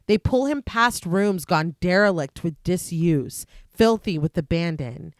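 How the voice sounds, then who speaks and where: A woman podcast host reading a steady, scripted recap of a film's plot, with dry asides. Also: on the low side, measured pace, dry recording.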